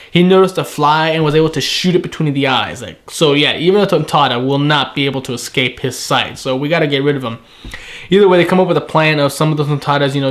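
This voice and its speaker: A man giving a casual anime episode review, chatty and animated, often laughing and briefly mimicking characters. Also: a little high. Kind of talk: casual solo review recap.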